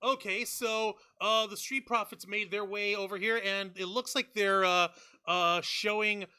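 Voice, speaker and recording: A man's voice: sits high, steady tone, measured pace, sharp tone, clear, resonant tone. A man co-hosting a wrestling review show, laid back and jokey, chatting and reading out viewer comments. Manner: laid-back, jokey, reads live chat. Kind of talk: casual chat.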